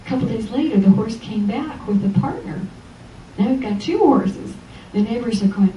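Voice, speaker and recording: A woman spiritual teacher delivers an inspirational Sunday lecture in a church hall, telling a parable and playing out its characters' voices. Her tone is very dark and mellow. She is heard from a distance, with a roomy echo and faint background noise. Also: on the high side, normal speed. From Los Angeles. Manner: animated storytelling, acting out quoted voices. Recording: echoey church hall from far off.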